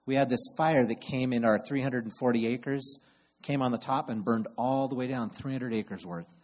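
A middle-aged man preaching a sermon, telling animated personal stories and acting out his exasperated outbursts. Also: medium pitch, normal speed. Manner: animated storyteller who acts out exasperated outbursts. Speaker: camp program director preaching.

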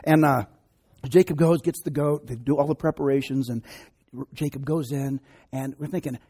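A man's voice: mid-range voice, fairly even intonation, normal speed, dark tone, husky. A man preaching a sermon, retelling a scripture story conversationally with joking asides. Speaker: pastor.

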